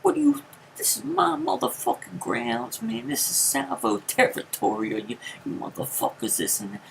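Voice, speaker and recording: Angry protective uncle, put on by a man telling a story: loud, high, swearing. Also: huge pitch swings, a little fast, creaky, a little hiss or hum, full character voice. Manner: shouting high-pitched, swearing. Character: furious protective uncle, grown man, cursing.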